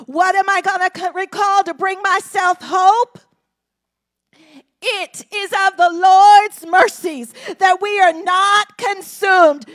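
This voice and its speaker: A woman pastor preaching in a church with a very high voice. She speaks slowly and deliberately, dropping to a hush and then rising to impassioned shouts. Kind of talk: sermon. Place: church sanctuary.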